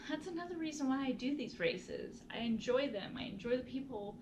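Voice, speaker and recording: A woman's voice: high-pitched, animated, brisk, background noise. A woman vlogger telling a personal story in a casual, earnest, heartfelt way, often restarting her sentences.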